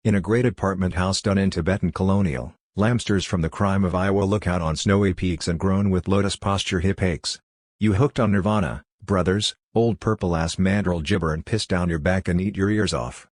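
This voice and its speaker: A man giving a literary reading with an even, unhurried delivery. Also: sits low, dry recording, clean studio sound. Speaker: reader.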